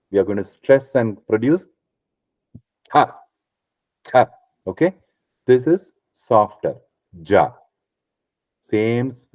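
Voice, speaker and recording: A man's voice: on the low side, no echo, highs cut off. A man teaching a class on Sanskrit pronunciation, patiently repeating each sound and checking in with "okay" after almost every step.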